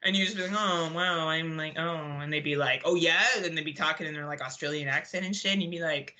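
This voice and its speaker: A woman's voice: sits low, fast talker, pushed and bright. A woman from Canada co-hosting a podcast, chatting casually with lots of laughing, swearing and rambling banter. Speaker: podcast co-host. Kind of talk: casual chat.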